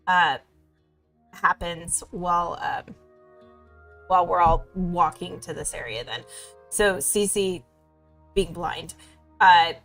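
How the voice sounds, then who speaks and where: A woman playing a tabletop role-playing game, narrating her character's dramatic scene with expressive build-up. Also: on the low side. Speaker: player.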